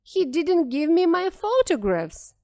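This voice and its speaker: A woman's voice: extremely high pitch, sing-song, slow pace, mellow, pitched above the performer's own voice, full character voice. A woman voicing a stubborn, angry old village man in a story read for learners, insistent and demanding.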